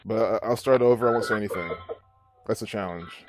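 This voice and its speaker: A man's voice: fairly low pitch, a little fast, noisy background. A man hosting a live stream, ranting and rambling with many restarts as he comments. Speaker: livestream host.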